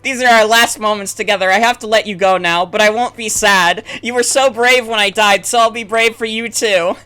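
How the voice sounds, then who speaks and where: A woman reading the lines of a gentle, devoted young female companion, soft and heartfelt. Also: mid-range voice, a little fast, smooth, voice pushed up, close to an everyday voice. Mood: affectionate.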